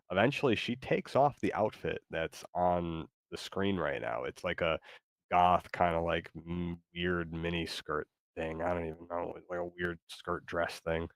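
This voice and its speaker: A man's voice: deep voice, no echo, clean studio sound. A man hosting a live stream, chatting casually with lots of fillers. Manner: rambling, many fillers. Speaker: streamer host.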